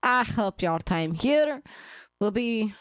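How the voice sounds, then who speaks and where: A woman streamer putting on a to read a resort brochure aloud as a grand narrator, slow, drawn out and theatrical. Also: a little high, animated, clean tone, no room sound.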